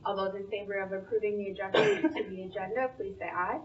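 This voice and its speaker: A woman with a Minnesotan accent who chairs a board meeting, briskly calling motions and votes. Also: medium pitch, expressive. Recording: distant, dull meeting-room recording.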